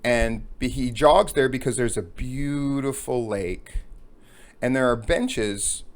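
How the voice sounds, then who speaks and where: A man hosting a talk, telling a long joke as an animated storyteller who acts out the characters. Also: mid-range voice, takes it slowly. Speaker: podcast host.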